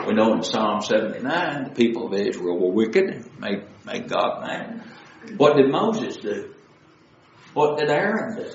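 A man's voice: mid-range voice, echoey room, highs cut off. A man preaching a sermon, asking his listeners question after question. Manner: asks the audience many questions.

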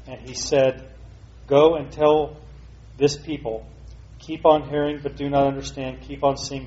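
Male reader, slow measured scripture reading, warm dark tone, lo-fi dull sound. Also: mid-range voice.

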